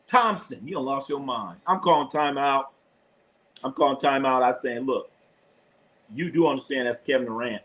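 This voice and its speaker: A man calling a basketball game live from his home stream, his voice sitting at an ordinary pitch. He talks loosely and fast, shouting at players and swearing as the action swings. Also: poor audio. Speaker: sports streamer and live commentator. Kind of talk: live play-by-play commentary and casual sports chat.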